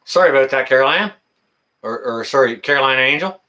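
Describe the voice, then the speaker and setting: A man's voice: mid-range voice, lively intonation, fast talker, bright, forceful tone, lo-fi sound. A middle-aged man hosting a casual livestream, reading the chat in a folksy way, with lots of fillers and laughter.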